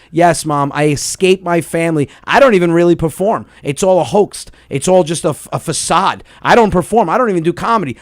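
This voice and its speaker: A man, hosting a comedic podcast and rambling in an animated way, repeating words when excited. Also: fairly high pitch, a little fast, few pauses, dry recording, clean studio sound. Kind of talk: casual comedic chat with a caller.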